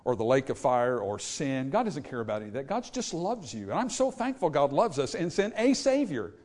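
A man preaching a sermon, swinging from hushed asides to loud peaks and acting out the people in his story. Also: mid-range voice, big pitch swings, brisk. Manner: acts out quoted people in character voices. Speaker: pastor.

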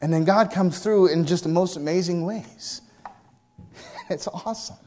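A man preaching a sermon, telling a story with lively asides and acting out characters in excited voices. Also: high-pitched, a little slow.

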